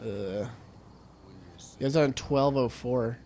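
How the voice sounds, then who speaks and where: A man's voice: medium pitch, slow pace, a little mellow, slight background noise. A man co-hosting a let's play, chatting casually and riffing jokily on trivia tangents. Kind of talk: casual gameplay commentary.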